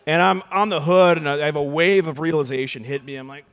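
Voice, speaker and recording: A man, an animated storyteller giving a keynote talk, swinging from hushed to loud as he acts out the voices. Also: on the high side, brisk. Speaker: keynote speaker and magician. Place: large conference hall. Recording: reverberant conference hall.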